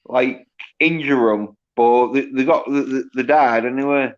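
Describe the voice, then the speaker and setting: A man's voice: medium pitch, fairly even intonation, a little slow, muffled recording. A man with a Hull accent, rambling through casual chat with lots of fillers. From England. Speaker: chat participant.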